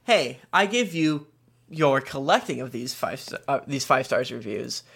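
A man's voice: medium pitch, measured pace, creaky, fairly bright tone, husky. A man co-hosting a podcast, reading listener reviews aloud with jokey asides and stumbles. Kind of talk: casual chat.

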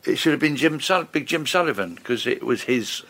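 An older man, a session bass player chatting and rambling through stories as an interview guest. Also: animated, normal speed, fairly bright tone. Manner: chatty, rambling, lots of fillers and restarts. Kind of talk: casual storytelling interview.

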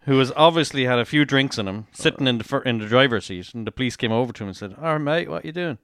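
A man's voice: medium pitch, fast, no room sound, studio quality. An Irish man co-hosting a podcast, telling anecdotes with casual swearing. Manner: animated storyteller, swears casually. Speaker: podcast co-host. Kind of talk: casual chat.

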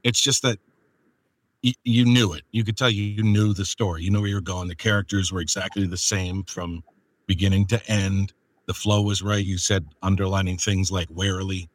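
A man's voice: low-pitched, steady tone, moderate pace. A man hosting a podcast and interviewing a guest, rambling with many fillers and frequent laughter. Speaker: podcast host and audiobook producer. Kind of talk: casual interview chat.

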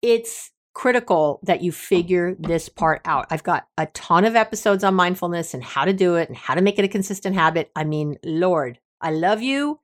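A woman's voice: lowish voice, moderate pace, hardly any pauses. A middle-aged woman hosting a self-help podcast, talking in a casual, emphatic and playfully bossy way, laughing often. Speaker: podcast host.

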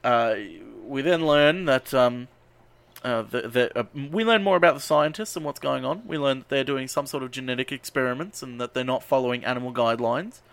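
A man's voice: medium pitch, a little fast, a bit bright, clear, resonant tone. A man on a podcast casually recapping a movie, swearing and rambling with lots of ums and uhs. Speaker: podcast host.

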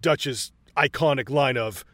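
A man co-hosting a casual film chat, excited and profane, acting out movie lines as he retells scenes. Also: medium pitch, unhurried, no room sound. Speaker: podcast co-host.

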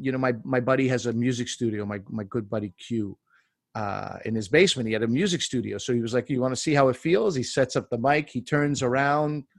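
Man, forties, from Canada, gravelly voice, animated storytelling, dry close recording. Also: mid-range voice, no echo. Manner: animated, acts out voices in his stories. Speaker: comedian guest. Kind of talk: casual storytelling.

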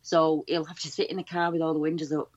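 A woman, a guest researcher retelling stories in a chatty, animated way with many restarts. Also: sits low, quick pace, lo-fi sound. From England. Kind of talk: casual storytelling over a call.

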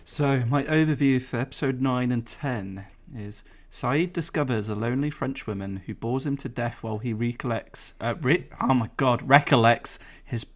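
A man's voice: mid-range voice, moderate pace, few pauses. A man co-hosting a podcast, bantering and swearing while laughing. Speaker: podcast co-host. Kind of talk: casual chat.

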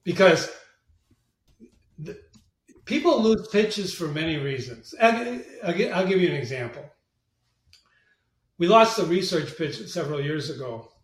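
Brief: high-pitched man, lively storyteller, roomy sound from off-mic. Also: a little slow, pauses often, far from the mic. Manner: animated storyteller, acts out quoted voices. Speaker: guest, marketing agency president. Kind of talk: storytelling interview talk.

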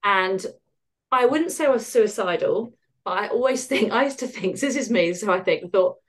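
A middle-aged woman, a podcast guest, speaking candidly in a wry, animated way and acting out the voices she quotes. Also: mid-range voice, fairly quick. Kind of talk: candid conversational storytelling.

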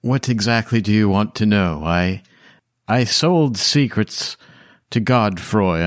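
A man's voice: lowish voice, dry recording, studio quality, close to an everyday voice. A man voicing a wealthy seventy-year-old widow who is guarded but polite, stumbling over her words as she talks. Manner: hesitant, restarts mid-sentence.

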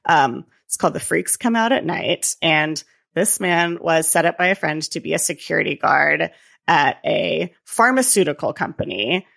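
A woman co-hosting a podcast, retelling scenes in a lively casual chat and acting out the people in them. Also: deep voice, moderate pace, creaky. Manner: animated retelling with quoted voices and frequent laughs. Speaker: podcast co-host.

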